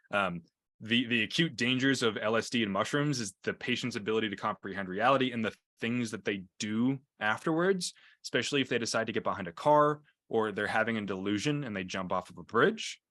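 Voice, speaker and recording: A man's voice: medium pitch, fairly bright tone, no room sound. A man teaching an EMT class over a video call, talking casually with many fillers and restarts as he mixes lecture and stories. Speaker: EMT instructor. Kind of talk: lecture with anecdotes.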